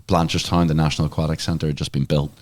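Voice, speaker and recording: Very deep-voiced storyteller. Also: male voice, level tone, quick pace, a little mellow. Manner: chatty storyteller, many fillers. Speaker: guest, former swimmer. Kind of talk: casual interview chat.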